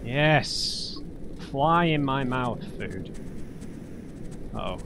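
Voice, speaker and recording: A man talks through a game he is playing blind, chatty and self-mocking, his voice swinging widely between low mutters and loud yelps. His pitch sits in a middle range. A steady hiss of noise lies under the recording. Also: extremely slow. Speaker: let's play host. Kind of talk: blind gameplay commentary. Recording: noticeable background noise.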